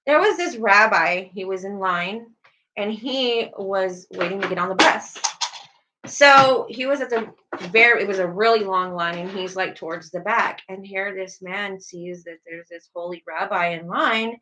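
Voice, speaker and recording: On a casual religious talk show, a woman co-host chats and tells stories, acting out the voices she quotes. Her mid-range voice is a little slow, with background noise in the recording.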